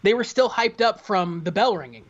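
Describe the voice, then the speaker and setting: Animated man telling stories on a dull, lo-fi line. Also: high-pitched, moderate pace. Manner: animated storyteller, swears casually. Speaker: podcast guest. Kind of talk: casual podcast chat. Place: home. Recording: dull lo-fi audio.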